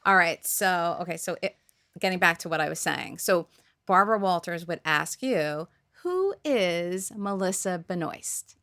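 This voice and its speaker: A woman hosting a podcast interview, chatty and upbeat, thinking aloud with quick asides. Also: fairly low pitch, creaky, pushed and bright. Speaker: podcast host. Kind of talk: interview conversation.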